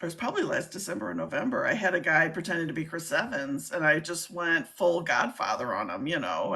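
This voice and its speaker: A woman's voice: sits low, very animated, brisk, hardly any pauses, pushed and bright. A woman hosting a casual livestream chat, talking in a chatty way and laughing easily. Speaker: livestream host.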